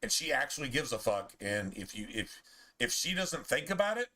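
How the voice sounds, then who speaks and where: A man's voice: mid-range voice, sing-song, normal speed, pushed and bright. Heated, profane male streamer. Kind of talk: ranting chat over gameplay.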